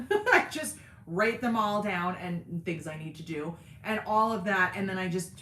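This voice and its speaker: A woman's voice: mid-range voice, expressive, measured pace, fairly bright tone, roomy sound, a little hiss or hum. A woman hosting a casual livestream, chatting with her viewers by name in a self-deprecating way. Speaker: sewing channel host on a livestream.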